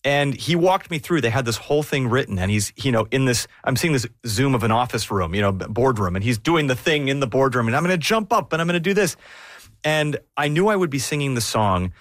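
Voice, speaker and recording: A man telling stories as an interview guest, chatty and quick to laugh. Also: mid-range voice, lively intonation, fairly bright tone, no echo, clean studio sound. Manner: chatty, laughs often, restarts mid-sentence. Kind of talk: casual interview storytelling.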